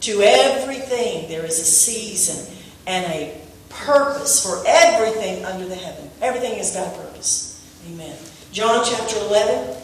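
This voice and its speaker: A woman preaching a sermon to her congregation, animated and asking them questions. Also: mid-range voice, normal speed, slight background noise. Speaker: pastor. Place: church sanctuary. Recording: echoey room, voice from a distance.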